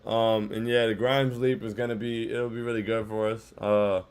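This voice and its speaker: A man's voice: on the low side, little pitch movement, normal speed, a little mellow, smooth. A man hosting a casual postgame livestream, sounding dejected, saying "bro" a lot and reading chat comments aloud. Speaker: livestream host.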